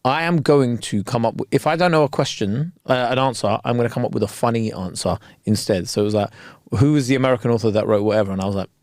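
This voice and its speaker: A man's voice: mid-range voice, quick pace, few pauses, dry recording, clean studio sound. A man co-hosting a podcast, telling stories in a teasing, jokey way with slang. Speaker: podcast co-host. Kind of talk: casual podcast banter.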